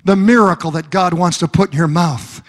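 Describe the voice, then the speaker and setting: A man's voice: high voice, fairly quick, long reverb tail. A male preacher delivering a fervent, rhythmic sermon in church.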